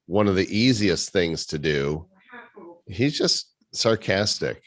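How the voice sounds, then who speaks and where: A man's voice: deep voice, animated, slow pace, a bit bright, no echo. A man hosting a casual community meeting over a video call, teasing his co-hosts with sarcastic jokes. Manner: joking, teasing, sarcastic banter. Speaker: host.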